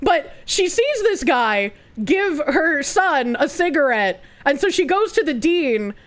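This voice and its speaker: A young woman streamer rambles through casual, animated movie commentary, full of fillers and restarts. Her voice is high and she speaks slowly.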